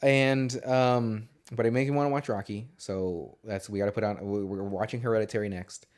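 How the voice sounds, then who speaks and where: A man's voice: lowish voice, fairly even intonation, normal speed, darkish tone. A man co-hosting a casual movie podcast, talking in a rambling, profane way and laughing often. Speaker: podcast co-host.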